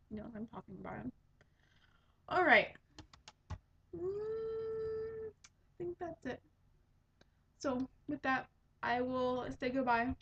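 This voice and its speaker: A husky woman's voice, on the high side, belongs to a podcast host in her twenties. She chats casually and rambles, with many fillers like um, in a dull lo-fi home recording.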